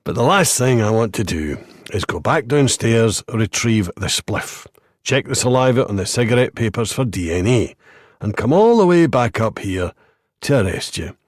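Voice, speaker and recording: A man's voice: medium pitch, big pitch swings, normal speed, dry recording, studio quality. A man voicing a terse, wry veteran male police detective in an audiobook. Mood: dry.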